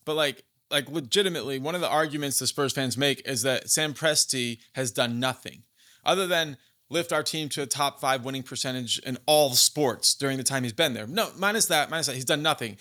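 A man's voice: mid-range voice, brisk, bright, forceful tone. A man co-hosting a casual sports talk show, arguing back at rival fans with sarcasm. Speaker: podcast co-host.

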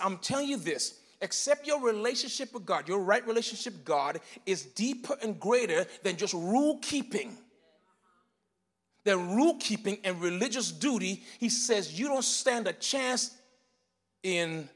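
High-voiced preacher in a reverberant hall. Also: male voice. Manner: animated preaching, swinging between loud emphatic bursts and quiet teaching. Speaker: pastor. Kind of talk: sermon. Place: church sanctuary.

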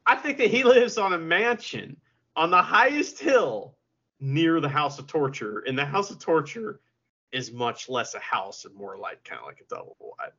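Bright, lively podcast co-host. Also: male voice, a little high, normal speed, breathy edge. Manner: playful, jokey asides. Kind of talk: casual chat. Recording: dull lo-fi audio.

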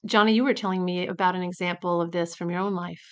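A woman's voice: on the low side, fairly even intonation, fast. A woman co-hosting a faith-based recovery talk, offering short affirming and encouraging responses. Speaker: recovery podcast co-host.

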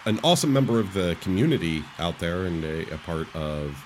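A man's voice: low-pitched, sing-song, brisk, a little hiss or hum. A man co-hosting a live podcast, joking and a little hesitant. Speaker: podcast co-host. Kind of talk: casual chat.

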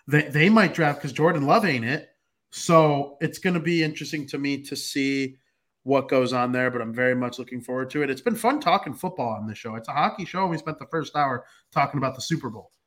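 A man's voice: on the high side, a bit bright. A young man hosting a casual sports podcast, talking in a rambling, joking way. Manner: rambling, jokey. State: hiccups. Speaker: podcast host.

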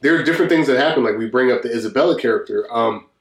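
A relaxed man talking through a movie in casual podcast chat, loose and rambling, laughing often. His medium-pitched voice rings in an echoey room. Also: rapid-fire. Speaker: podcast co-host. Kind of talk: casual film review chat.

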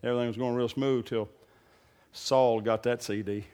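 A man preaching a sermon as pastor, moving from low conversational talk to loud, fervent preaching. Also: steady tone, normal speed, clean tone. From raised on a farm. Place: church hall. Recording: long reverb of a church hall.

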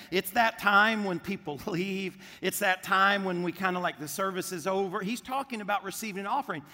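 A male pastor preaching a sermon to a congregation, lively and drawing the crowd into call-and-response. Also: sits high, in a large hall. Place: church auditorium with congregation.

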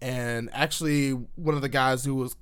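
A man's voice: medium pitch, steady tone, normal speed, a bit bright, clear, resonant tone. Profane, fired-up man telling stories. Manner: profane, heated storytelling with lots of fillers. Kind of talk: casual chat.

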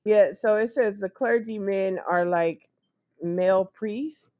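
A woman co-hosting a casual talk show, chatty and quick to laugh. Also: mid-range voice, mellow, dry recording, dull audio. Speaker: co-host.

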